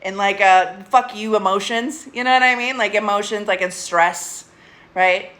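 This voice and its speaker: Streaming casually from home alongside a pet, this adult woman, no longer young, speaks candidly at a normal speed, swearing a lot and laughing as she goes. Her voice has medium pitch and a fairly bright tone.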